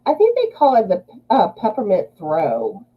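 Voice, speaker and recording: Woman guest, mid pitch, lively intonation, halting restarts, dull lo-fi video call sound. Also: slightly rough. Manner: chatty, restarts and halting fillers. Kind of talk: casual chat.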